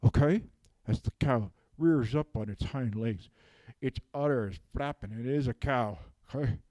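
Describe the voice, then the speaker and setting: An improv comedian rambles through an improvised comic monologue into a handheld microphone, tacking "okay?" onto nearly every phrase. His voice is medium in pitch and darkish in tone, with a moderate pace and a dry recording.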